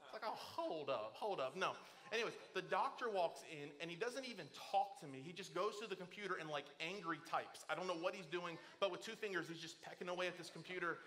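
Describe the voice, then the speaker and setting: Middle-aged male pastor, high, bright and forceful, animated storyteller who acts out the voices in his stories. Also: fast. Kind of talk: sermon. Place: church auditorium.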